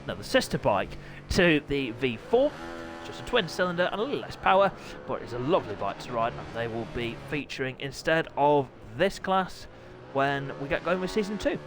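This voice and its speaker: A man hosting a live stream, commentating sim motorbike racing and chatting with viewers, often clearing his throat. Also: medium pitch, very animated, normal speed, noisy background.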